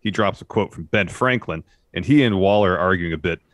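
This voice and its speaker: A man co-hosting a wrestling podcast, recapping the show in casual chat with dry, deadpan quips. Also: low-pitched, a little fast, dry recording. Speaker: podcast co-host.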